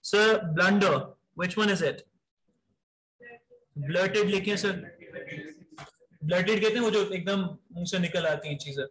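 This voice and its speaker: Guy teaching vocab, highish voice, brisk quizzing, says sir a lot, mixes in urdu. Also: a bit bright, rough recording. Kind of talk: live online class, quizzing students.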